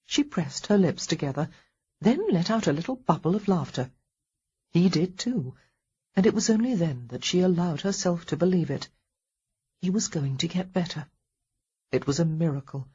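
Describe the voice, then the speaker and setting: A woman narrating a historical romance audiobook in a soft, measured reading with a breathy voice. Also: on the low side, dull audio. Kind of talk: scripted narration.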